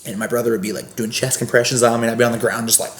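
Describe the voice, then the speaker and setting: Young man, quick storyteller, animated, roomy echoey sound. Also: mid-range voice. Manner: animated, acts out voices, many fillers. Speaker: guest, scare actor. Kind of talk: casual podcast storytelling. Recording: roomy echo.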